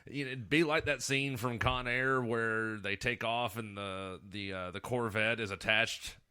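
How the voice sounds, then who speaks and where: A man co-hosting a radio talk show, his voice bright and of middle pitch for a man. He reads news items and slips into loose banter. He laughs often and stumbles over his own words. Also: fairly even intonation, measured pace, clear, resonant tone. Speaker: radio co-host reading news. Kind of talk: casual banter and news reading.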